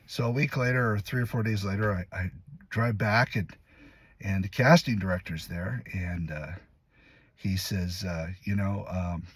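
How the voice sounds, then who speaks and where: A male actor telling a story to camera in a casual, animated way, acting out the lines and voices as he goes. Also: mid-range voice, slightly rough, no room sound. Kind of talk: casual anecdote told to camera.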